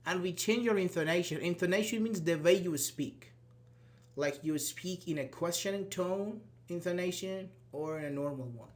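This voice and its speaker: A man whose first language is Persian, teaching a live online grammar class and explaining step by step while checking in with students. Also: on the high side. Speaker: English teacher.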